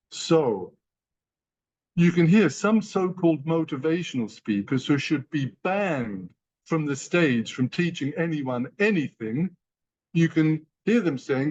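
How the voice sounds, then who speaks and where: A man's voice: on the high side, darkish tone, breathy edge. A man giving a motivational training talk to company partners, emphatic and repeating key phrases. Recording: dull lo-fi sound.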